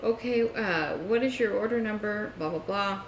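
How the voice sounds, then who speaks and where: A female podcast co-host tells an animated story in casual chat, acting out phone calls as she goes. Her medium-pitched voice runs at normal speed, in an echoey room with faint noise.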